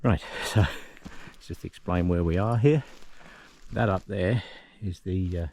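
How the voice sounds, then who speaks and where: Taking it slowly, a man with a low, creaky, darkish voice chats casually while filming himself on a mountain trail with a handheld camera. As a trail volunteer vlogger, he gives directions along the way.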